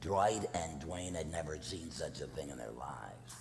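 Deep voiced middle aged preacher man, loud then hushed storytelling, long reverb, bit of noise behind. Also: expressive, unhurried. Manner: storytelling with acted quotes, dramatic swings from loud to hushed. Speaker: pastor. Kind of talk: sermon.

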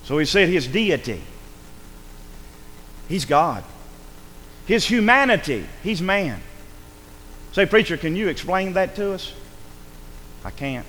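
A man preaching a sermon, swinging between loud calls and hushed asides. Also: high voice, big pitch swings, slow pace, long pauses, in a large hall, slight background noise. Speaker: pastor. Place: church sanctuary.

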